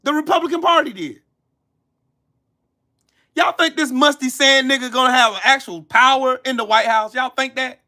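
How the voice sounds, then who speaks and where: A man's voice: steady tone, normal speed, long pauses. A man hosting a live stream, angrily cussing out viewers in chat and answering them by name. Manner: angry, profane, cussing out viewers; swings between loud shouting and low muttering. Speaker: livestream host.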